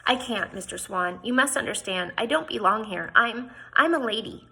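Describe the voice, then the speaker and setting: A woman's voice: on the high side, animated, normal speed, creaky, sharp tone, breathy edge, exaggerated voice. A woman reading as a proud, homesick young lady. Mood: pleading. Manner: pleading, raises her voice in upset. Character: refined proper young lady, homesick and stubborn.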